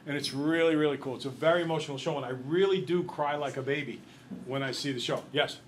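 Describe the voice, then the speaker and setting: In a slightly high voice, a man rattles quickly through a long story for his math class, peppering students with questions. He comes across as a lively, chatty storyteller. A bit of hiss or hum marks the low-quality recording.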